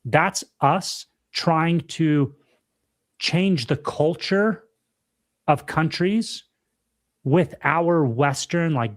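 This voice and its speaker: Emphatic young man on a podcast. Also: medium pitch. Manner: emphatic, repeats himself, says dude and bro. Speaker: podcast co-host. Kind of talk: casual chat.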